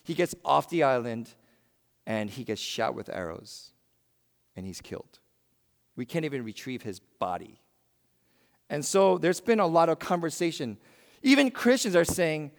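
A man preaching a sermon in a church, swinging between loud emphatic bursts and hushed, quiet lines. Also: fairly high pitch, big pitch swings, moderate pace, creaky, in a large hall. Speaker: pastor.

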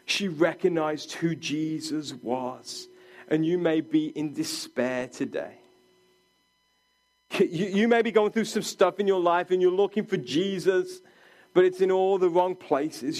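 A man with a notably high voice preaches slowly and deliberately. He delivers an earnest sermon and sometimes sinks to a hushed tone for quoted words. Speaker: pastor.

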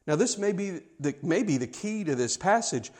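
A man's voice: sits high, lively intonation, normal speed, a little mellow. A man preaching a sermon, reading scripture aloud and explaining it with conversational asides and repeated words.

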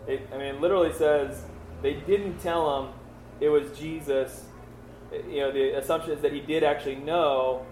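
A man's voice: fairly high pitch, fairly even intonation, normal speed, a little mellow, roomy sound, a little hiss or hum, poor audio. A man teaching through a Bible passage in a casual, conversational way, full of fillers and rhetorical questions.

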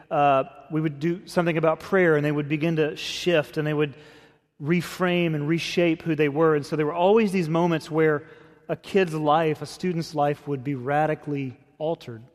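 Higher-voiced male pastor in a reverberant hall. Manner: conversational, expressive, acts out scripture quotes. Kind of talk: sermon.

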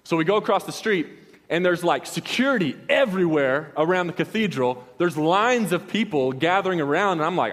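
A man's voice: a little high, expressive, a little fast, a bit bright, big-room sound. A young man preaching, telling a story in a loose, slangy way with many restarts. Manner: casual, rambling, with slangy asides and many restarts. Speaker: pastor. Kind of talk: storytelling sermon.

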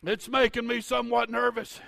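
Fifties male pastor, gravelly fry, dry close sound, fervent preacher swinging from shouts to quiet asides. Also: very high-pitched, level tone, a little fast, dry recording. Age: 50s. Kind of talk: sermon.

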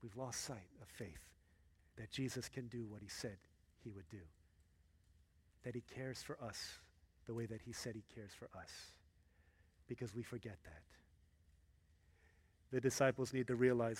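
A man preaching a sermon as pastor, acting out Bible characters in an excited voice and dropping low and hushed for earnest points. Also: unhurried, pauses often, breathy edge. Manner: animated, acts out Bible characters in a high excited voice.

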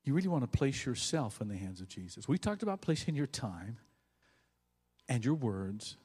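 Animated preaching man in a reverberant hall. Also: medium pitch, normal speed, breathy edge. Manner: animated preaching, swinging from loud bursts to quiet asides. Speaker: pastor. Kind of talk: sermon.

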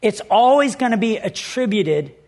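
A man's voice: sits high, expressive, normal speed, a little mellow. A man preaching a sermon as pastor, telling stories in an earnest, conversational way.

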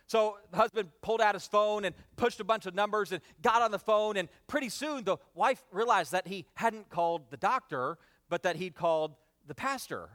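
High-voiced, energetic male pastor preaching. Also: normal speed, hardly any pauses. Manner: energetic, calls for responses from the congregation; frequent "uh" fillers. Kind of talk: sermon.

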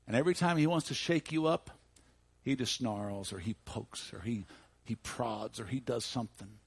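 A man preaching a sermon, telling an illustrative story dramatically and slowing down for emphasis. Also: medium pitch, creaky, slightly rough, dry recording.

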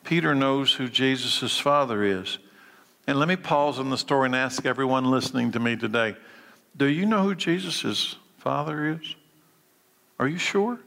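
A man preaching a sermon, swinging from hushed, slow lines to emphatic, rising ones and repeating his key points. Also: mid-range voice, gravelly. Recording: long hall reverb.

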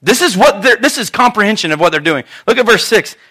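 A man's voice: high-pitched, quick pace, slightly rough. A man preaching a sermon, telling stories with playful voices for the figures and laughing often. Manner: jokey and lively, laughs often. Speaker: pastor.

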